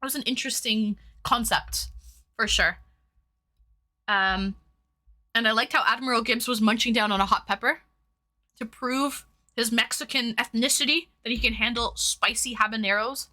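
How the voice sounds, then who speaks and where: A woman's voice: a little high, normal speed, pauses often, pushed and bright. A woman from Toronto hosting a casual livestream, greeting viewers by name in a bubbly, chatty way, her nose running from hot sauce. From Toronto, Canada. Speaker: livestream host.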